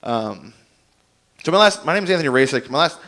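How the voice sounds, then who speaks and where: A man's voice: on the high side, big pitch swings, a little fast, sharp tone. Man doing a rambling stand-up set. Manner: rambling, self-deprecating storytelling that acts out both sides of each exchange. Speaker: stand-up comedian.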